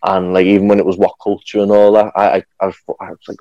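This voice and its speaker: A man's voice: deep voice, rapid-fire, hardly any pauses, dark tone, dry recording, highs cut off. A young man chatting casually as a podcast guest, rambling with lots of fillers and restarts. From England. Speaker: guest, professional wrestler.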